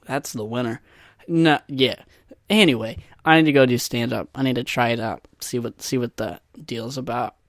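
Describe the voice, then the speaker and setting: Rambling young podcast host, dry close mic. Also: male voice, medium pitch, normal speed, fairly bright tone, no echo. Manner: rambling, crude, self-deprecating humor. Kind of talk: solo casual podcast monologue. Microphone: podcast microphone.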